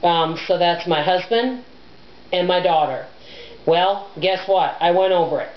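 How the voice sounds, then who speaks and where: A middle-aged woman with a loud, abrasive voice, chatting to camera in a rambling, self-deprecating way as a personal finance vlogger. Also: on the low side, unhurried. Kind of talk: casual chat to camera. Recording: echoey room, dull lo-fi sound.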